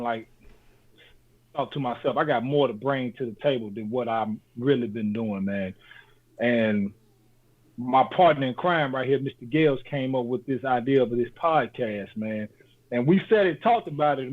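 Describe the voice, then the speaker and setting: A man co-hosting a podcast, giving casual motivational talk in loose slang and saying "man" often. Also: mid-range voice. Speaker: podcast co-host. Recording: tinny phone-like sound.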